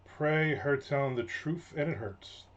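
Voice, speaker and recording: A man's voice: fairly high pitch, measured pace. A middle-aged man hosting his own rant segment, talking casually in a sarcastic, rambling way with many fillers and restarts. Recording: dull lo-fi sound.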